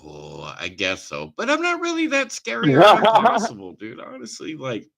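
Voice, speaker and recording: A man's voice: high-pitched, huge pitch swings, normal speed, creaky, a crowd in the background, rough recording. A man in his forties hosting a podcast, tipsy and rambling, with a jokey, profane way of talking. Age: 40s. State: tipsy from drinking wine. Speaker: podcast host. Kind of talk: casual chat.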